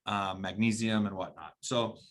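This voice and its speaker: A man's voice: lowish voice, moderate pace. A man from Arizona co-hosting a podcast, telling a rambling story in casual chat with many restarts. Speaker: podcast co-host.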